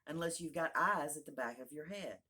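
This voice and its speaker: A woman's voice: deep voice, moderate pace, pushed and bright, slightly rough, full character voice. A woman voicing an old female sheep who keeps a shop, in a storybook reading, with a dry, matter-of-fact manner. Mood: blunt.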